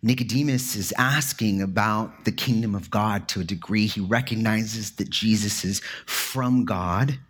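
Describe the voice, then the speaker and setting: A man's voice: on the low side, a little slow, hardly any pauses, fairly bright tone, husky. A man giving a sermon in an earnest, conversational way, with casual fillers as he explains a passage. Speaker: pastor.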